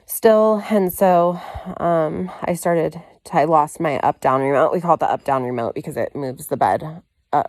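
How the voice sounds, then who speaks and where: A woman's voice: deep voice, gravelly, darkish tone, no echo. A woman giving a candid, rambling personal video update, full of "you know" and "like" fillers and casual swearing. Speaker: vlogger.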